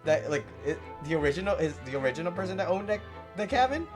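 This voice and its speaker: A let's play host giving casual gameplay commentary, excitable and swearing often. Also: medium pitch, quick pace, over music.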